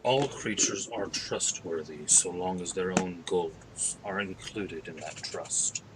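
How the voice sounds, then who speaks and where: A man playing a measured adventurer in a tabletop game, speaking slowly and deliberately. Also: low-pitched, background noise. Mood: probing.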